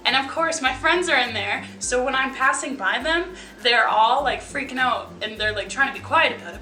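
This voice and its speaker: Young female vlogger, bright and a bit high-pitched, wry storyteller, roomy echo, mic set back, faint music under. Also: lively intonation, moderate pace, hardly any pauses. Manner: chatty, wry, sarcastic asides with lots of likes. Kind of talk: casual storytelling to camera. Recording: echoey room, mic at a distance.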